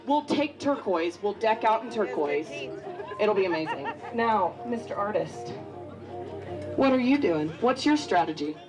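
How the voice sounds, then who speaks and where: A woman's voice: mid-range voice, big pitch swings, unhurried, music in the background, crowd noise, rough recording. A woman emceeing a live eating contest on a handheld mic, bubbly and joking as she chats with contestants. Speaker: event emcee. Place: busy restaurant event.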